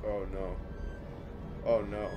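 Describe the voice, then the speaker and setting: A young man hosting a reaction video, talking back to the screen with excitable outbursts and mumbled asides. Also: on the low side, slow pace, lo-fi sound, music in the background. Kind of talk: casual reaction commentary.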